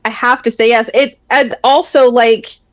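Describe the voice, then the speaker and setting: A woman's voice: on the high side, steady tone, moderate pace, dry recording, lo-fi sound. A woman on a podcast, talking casually in a hesitant, earnest way. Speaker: podcast co-host. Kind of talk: casual chat.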